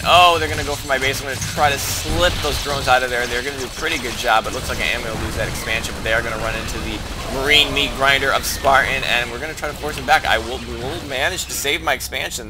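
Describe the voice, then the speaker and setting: Over a noisy background, a fast-talking man with a mid-range voice casually narrates a team strategy game he's playing. He thinks aloud, restarts his sentences often, and his voice rises whenever fights break out.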